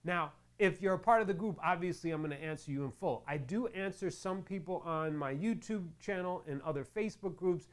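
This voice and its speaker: Middle-aged guy rambling through a diy tutorial, voice a bit on the high side, cracking jokes as he works. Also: a little fast, few pauses. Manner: chatty, rambling, joking asides while working with his hands. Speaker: crafting channel host. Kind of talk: casual tutorial chat while working.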